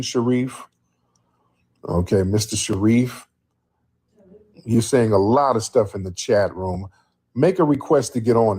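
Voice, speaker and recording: A man's voice: lowish voice, darkish tone, breathy edge. A man hosting a live stream, talking bluntly and casually to his viewers in the chat.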